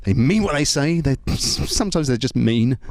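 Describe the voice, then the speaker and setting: A male stand-up comedian with a very lively, bouncing pitch, working the crowd with tag questions and stammered restarts. His voice sounds dry and close, with little room to it. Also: normal speed, no echo.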